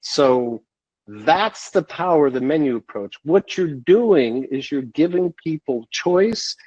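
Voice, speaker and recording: Measured male storyteller, dull dry sound. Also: a little high, expressive, darkish tone, breathy edge, no room sound. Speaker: guest, sales consultant. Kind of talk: podcast interview storytelling.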